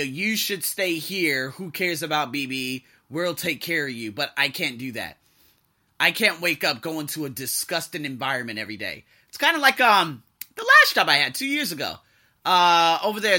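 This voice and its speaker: Animated high-voiced man telling a story. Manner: animated, acts out quoted voices, swings from loud to quiet. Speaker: vlogger telling a personal story. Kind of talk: casual storytelling.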